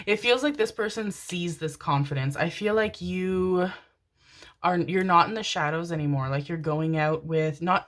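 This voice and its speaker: A woman's voice: sits low, fairly bright tone. A woman giving a casual, effusive tarot reading to her viewers, chatting freely and swearing now and then. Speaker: tarot reader.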